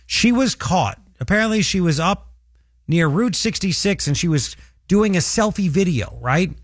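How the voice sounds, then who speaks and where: A man's voice: high-pitched, expressive, normal speed, no echo, clean studio sound. A man hosting a political talk radio show, mocking and sarcastic as he comments. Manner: mocking, sarcastic, laughing at his targets.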